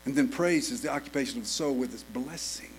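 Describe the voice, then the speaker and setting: A man preaching a sermon, repeating phrases and building to loud, emphatic calls with frequent "uh" fillers. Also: medium pitch, fast, slight background noise.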